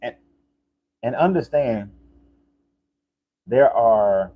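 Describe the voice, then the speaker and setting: A man's voice: medium pitch, expressive, extremely slow, phone-quality sound. A man talking in a casual, rambling monologue, often restarting and repeating himself, as a life coach.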